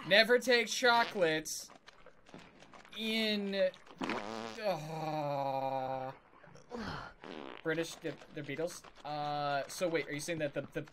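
A man's voice: fairly high pitch, bright, forceful tone, a little hiss or hum. A man casually commentating as he plays a video game, rambling and chuckling and talking back to the characters. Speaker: streamer playing a video game. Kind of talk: casual let's-play commentary. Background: game music.

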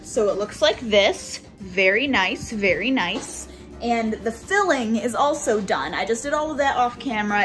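A woman with a slightly high voice talks through a recipe in her home kitchen. Her casual, chatty cooking talk explains each step plainly, with faint music playing behind her. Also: fairly bright tone. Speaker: cooking vlogger.

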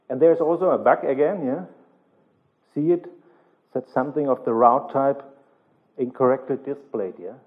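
A conference instructor gives a technical lecture in a medium-pitched voice, using non-native, broken English phrasing. Nearly every phrase ends with a questioning "yeah?", and the recording is tinny and narrow-band.

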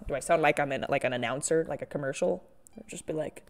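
Woman artist rambling on a live stream while she draws, kinda low voice, laughs at herself a lot. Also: fairly quick, darkish tone, faint music behind. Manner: chatty, self-mocking, with frequent laughs and sighs. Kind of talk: casual live-stream chat while drawing.

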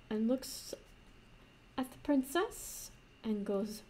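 A woman improvising a fantasy story in a rambling, soft manner, with restarts and playful asides. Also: mid-range voice, husky.

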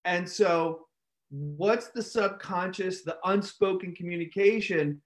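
Animated man telling a story on a live stream. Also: high-pitched, slow. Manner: animated storyteller, shouts to act out reactions. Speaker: host. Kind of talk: casual live-stream talk.

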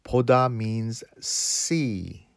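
A man teaching phrases in English, explaining patiently and repeating each phrase slowly. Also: mid-range voice, vocal fry, no room sound, studio quality. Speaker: Korean language teacher. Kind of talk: slow explanatory lesson.

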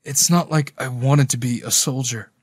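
A man voicing a wounded young male soldier who was forced into the army, speaking in a quiet, resigned way. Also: medium pitch, fairly even intonation, moderate pace, husky, dry recording, studio quality, lightly acted. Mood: weary.

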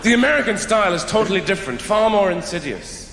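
A male comedian rambles through a stand-up bit with a wry, sing-song delivery. His voice swoops up and down. It echoes through a reverberant hall, with a clear room hum behind him. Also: high-pitched, animated, fast, a bit bright. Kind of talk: stand-up routine. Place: comedy venue stage. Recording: echoey hall with audience laughter. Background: audience laughter.

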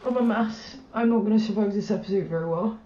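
A woman's voice: mid-range voice, fast, slight background noise. Emotional woman reacting, roomy dull sound. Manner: emotional, swears freely, swings from hushed to shrieking. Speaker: reaction video host. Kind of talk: live reaction commentary. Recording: dull, roomy home recording.

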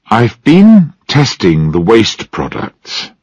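A man playing a calm male factory scientist. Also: fairly low pitch, takes it slowly, husky, no echo, highs cut off, full character voice. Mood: explaining.

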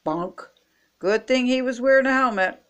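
An older woman reading picture books aloud expressively, stopping to chat with young viewers. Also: mid-range voice. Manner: slow, expressive, chatty asides to young viewers. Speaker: storybook reader.

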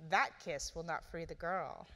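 A woman's voice: fairly low pitch, unhurried, fairly bright tone, in a large hall, voice pushed down. A woman reading as a cool, cruel fairy queen.

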